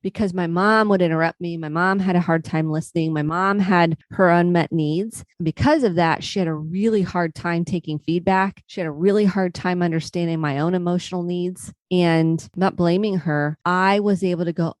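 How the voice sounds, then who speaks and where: A woman therapist hosting a podcast, talking earnestly and openly about her own healing while gently coaching listeners. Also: fairly low pitch, normal speed, hardly any pauses, no echo, studio quality. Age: adult. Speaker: podcast host and family therapist. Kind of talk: reflective solo podcast talk.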